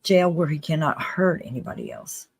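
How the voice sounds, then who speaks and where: A live-stream host giving casual commentary in a chatty, earnest way, with restarts and quick laughs. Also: mid-range voice, wildly swooping pitch, vocal fry, breathy edge. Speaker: livestream host.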